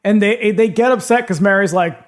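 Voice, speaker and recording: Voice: medium pitch, brisk. A podcast co-host chatting casually about a film, throwing in wry, sarcastic asides and reading out notes.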